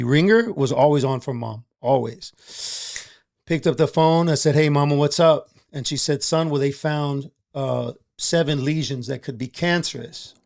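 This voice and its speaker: A man's voice: mid-range voice, vocal fry, darkish tone. A middle-aged man, candidly telling a personal story in a casual podcast chat, streetwise and emotional. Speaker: podcast guest, entrepreneur.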